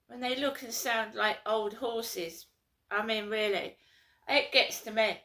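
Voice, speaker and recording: Slow gravelly woman ranting. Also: on the high side, pushed and bright. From London. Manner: aggrieved, ranting, repetitive. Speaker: vlogger. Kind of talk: casual to-camera monologue.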